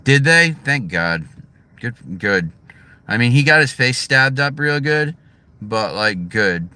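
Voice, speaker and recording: A man's voice: medium pitch, animated, slow, bright, forceful tone, clean tone. A middle-aged American man chatting casually from his driveway, blunt and profane, swinging between heated and subdued. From United States. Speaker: vlogger. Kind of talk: casual livestream chat.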